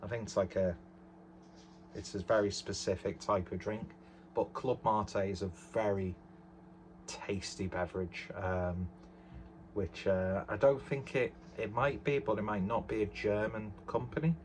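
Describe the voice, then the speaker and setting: A man's voice: fairly low pitch, fairly even intonation, measured pace, slight background noise. A man chatting casually through a beer review at home, rambling with lots of fillers and self-deprecating asides. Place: bedroom at home. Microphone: camera on tripod.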